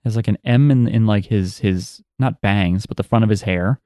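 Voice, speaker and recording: A man's voice: fairly low pitch, normal speed, dark tone, no room sound, studio quality. A man co-hosting a casual podcast discussion, joking and swearing casually. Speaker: podcast co-host. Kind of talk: casual chat.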